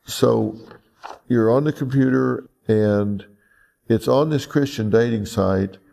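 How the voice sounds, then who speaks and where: A man interviewing calmly, asking probing questions and repeating answers back. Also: mid-range voice, takes it slowly, creaky.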